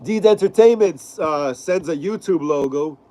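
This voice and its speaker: A man with a fairly high voice hosts a casual live stream, reading out viewer comments. He is sick, and his clogged nose gives everything he says a stuffy, nasal sound. His delivery is loose and slangy, full of repeated phrases and "bro.". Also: moderate pace, mellow, a little hiss or hum, low-quality recording. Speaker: live-stream host of a horror film channel.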